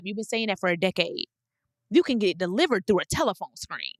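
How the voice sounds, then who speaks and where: A woman's voice: mid-range voice, animated, fairly quick, dry recording. A woman in her thirties hosting a podcast, giving blunt, emphatic advice in a casual monologue and repeating phrases for weight. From United States. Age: 30s. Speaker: podcast host.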